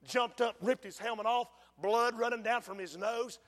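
A man preaching a fiery sermon in a large church, swinging from hushed pleading to shouting. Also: very high-pitched, moderate pace. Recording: long church hall reverb.

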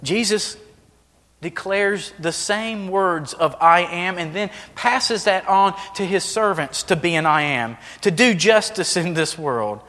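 A man preaching a sermon as pastor, swinging between hushed, intimate lines and loud, emphatic ones. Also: sits high, slow pace, long reverb tail. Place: church sanctuary.

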